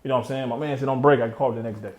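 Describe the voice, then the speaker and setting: In a roomy-sounding interview, a man in his thirties tells his own story candidly in a mid-range voice, rapid-fire yet steady in tone. He's streetwise, heavy on slang, and often trails off.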